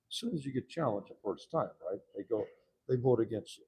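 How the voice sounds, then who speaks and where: Telling a profanity-laced story in an animated casual rant, this man, a citizen activist, performs the voices of the people he quotes. He speaks a little fast at medium pitch, with lively intonation and a darkish, slightly rough tone.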